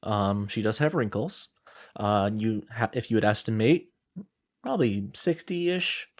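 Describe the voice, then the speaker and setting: A man acting as game master, calmly explaining rules and what the players sense. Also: lowish voice, unhurried. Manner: calm, explanatory, filler-heavy. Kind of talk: running a tabletop game.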